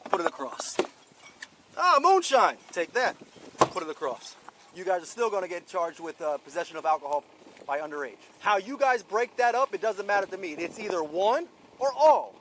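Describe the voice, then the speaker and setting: A man's voice: high voice, very animated, normal speed. A man working as a wildlife officer on a boat outdoors, firmly lecturing a group about underage drinking. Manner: firm, stern, lecturing. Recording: noisy outdoor bodycam audio.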